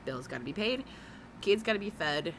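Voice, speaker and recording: A woman's voice: lowish voice, expressive, normal speed, noisy background. A woman giving blunt, mocking reaction commentary, swearing freely as she talks over a clip. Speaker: commentary host.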